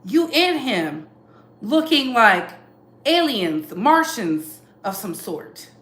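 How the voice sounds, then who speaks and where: A woman talks through celebrity gossip in a sassy, emphatic way, often repeating a line for punch. Her voice sits high and sounds bright, with a roomy echo around it. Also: big pitch swings, takes it slowly. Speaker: commentary channel host. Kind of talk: casual celebrity gossip commentary.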